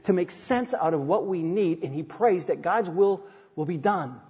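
Here the middle-aged pastor's voice sits high, husky and darkish in tone, and he's expressive at a moderate pace. Standing at the pulpit in the church sanctuary, he reads scripture and shares personal stories with earnestness and a bit of light humor, captured in dull audio with long hall reverb.

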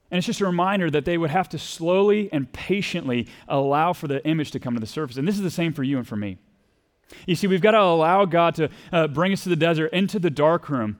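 A man with a Texas accent preaching a sermon in a conversational way, acting out quoted voices and asking the congregation questions. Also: on the high side. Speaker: pastor.

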